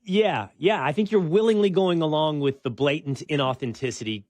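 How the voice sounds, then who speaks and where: A man's voice: fairly high pitch, fairly quick, dry recording. A man hosting an opinion talk show, making his case in a conversational, argumentative way. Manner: conversational, argumentative, animated when making a point.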